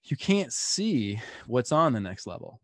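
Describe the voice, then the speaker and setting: Animated man telling his story. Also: medium pitch, unhurried, no room sound, clean studio sound. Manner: animated, laughs through stories. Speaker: guest. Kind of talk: storytelling interview.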